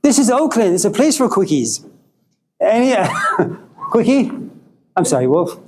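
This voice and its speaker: A man's voice: sits high, sing-song, unhurried, background noise. A man giving an informal spiritual lecture to a live audience, joking and telling stories in a loose, conversational way.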